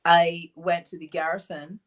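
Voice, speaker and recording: A middle-aged woman from East London whose speech mixes a Barbadian and a London accent. Her voice sits somewhat low. She tells her story animatedly, with fillers, acting out what people said. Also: measured pace. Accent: mixed Barbadian and London. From East London, England. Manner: animated, acts out quotes, many fillers. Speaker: guest. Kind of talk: casual interview storytelling.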